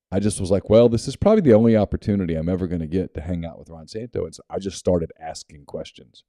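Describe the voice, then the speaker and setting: A man with a Southern US accent co-hosting a sports podcast, telling a relaxed personal story in casual chat. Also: low voice, dry recording, clean studio sound. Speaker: podcast co-host.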